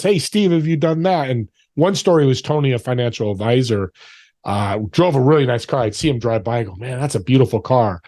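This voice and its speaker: A man in his forties or older, a podcast guest telling stories in an animated way and acting out the voices of people he quotes. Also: medium pitch, dry recording. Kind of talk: storytelling interview talk.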